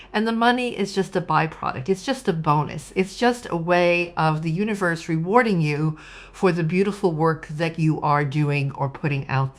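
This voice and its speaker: A woman giving a casual spoken tarot reading, animated and acting out quoted voices. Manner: animated, acts out quoted voices with sudden pitch jumps. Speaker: tarot reader.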